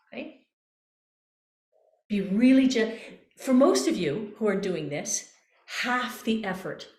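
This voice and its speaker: A woman voice coach calmly guiding a breathing exercise, repeating gentle cues. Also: mid-range voice. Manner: calm, coaxing, repeats cues. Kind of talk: guided breathing exercise instruction. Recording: echoey room.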